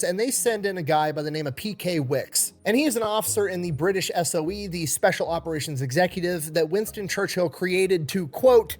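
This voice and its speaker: A man telling a war history story in an energetic, conversational way, blunt and a little profane. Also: high-pitched, brisk, hardly any pauses.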